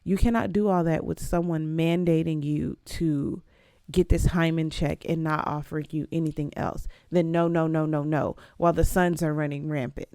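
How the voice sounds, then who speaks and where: Gravelly, emphatic woman podcast host. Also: steady tone, normal speed, dark tone, no room sound, studio quality. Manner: emphatic and conversational, with sudden jumps up in pitch. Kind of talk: casual solo podcast commentary.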